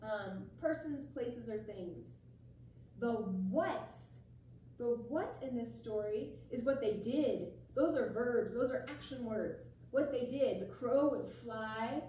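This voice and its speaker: Slow gentle teacher lady, forties, reading to little kids, echoey and far away. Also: a little high, animated, a little hiss or hum. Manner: gentle, slow, talks to children. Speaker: early childhood teacher. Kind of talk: storybook reading and kids' lesson.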